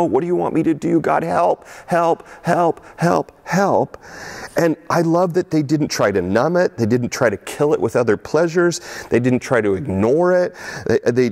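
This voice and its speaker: A middle-aged man preaching a sermon as pastor, animated and repetitive, sometimes acting out the voices of the people he talks about. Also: medium pitch. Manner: animated, repeats words, acts out voices of the people.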